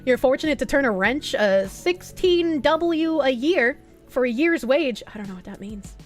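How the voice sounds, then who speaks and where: Young boston woman streaming, high bouncy voice, lots of swearing, faint music in the back. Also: moderate pace. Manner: animated, swearing, laughing, bursts into loud put-on yells. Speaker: streamer reading chat messages. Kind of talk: casual livestream chat.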